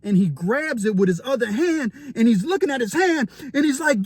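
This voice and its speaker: A man telling a story about his time in prison, animated and dramatic, acting out what he saw. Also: extremely high pitch, a little fast, few pauses, breathy edge, no room sound. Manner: animated, vivid, dramatic retelling. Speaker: storyteller, former inmate. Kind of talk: casual storytelling to camera.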